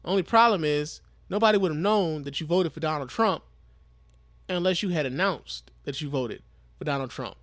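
A man's voice: a little high, normal speed, a bit bright, dry recording, clean studio sound. A man giving casual, blunt, profane commentary on a clip he plays.

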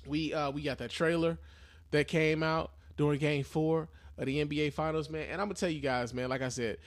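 A man's voice: a little high, steady tone, fairly quick. A young man hosting a live podcast in loose, profane slang, talking casually and with a lot of energy. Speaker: podcast host.

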